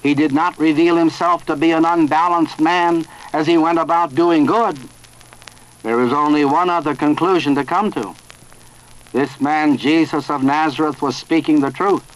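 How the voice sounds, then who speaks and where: A man preaching a sermon in a slow, emphatic way with long pauses. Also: on the high side, steady tone, poor audio.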